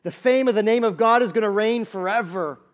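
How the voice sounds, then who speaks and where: A male pastor preaching a lively sermon, acting out little voices and jokes to make his points. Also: high-pitched, fairly quick. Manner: animated, acts out voices and jokes.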